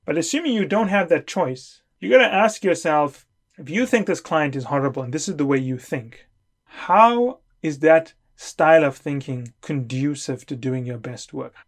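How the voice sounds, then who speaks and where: A man's voice: fairly high pitch, animated, moderate pace. A middle-aged man giving an emphatic, lecturing talk as a consulting coach. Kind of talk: lecture to camera.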